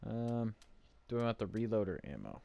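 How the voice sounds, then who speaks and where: Low-voiced man, monotone game commentary. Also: normal speed. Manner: monotone, offhand. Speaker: gameplay commentator. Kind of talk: casual gameplay commentary. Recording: clear background noise.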